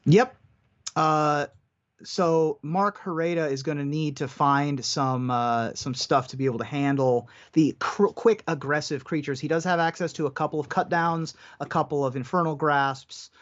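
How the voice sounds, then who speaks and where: A man's voice: fairly high pitch, fairly even intonation, normal speed. A man commentating a card game tournament live, giving analytical play-by-play. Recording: dull lo-fi stream audio.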